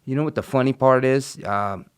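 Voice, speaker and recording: A man's voice: mid-range voice, brisk, smooth. A middle-aged man telling a story in a casual interview, blunt and profane, rambling with many asides. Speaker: interview guest.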